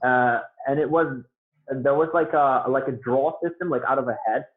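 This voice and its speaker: A man's voice: medium pitch, moderate pace. Man rambling over a tinny call line. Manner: rambling, many fillers and restarts. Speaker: guest beatboxer. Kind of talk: casual interview talk.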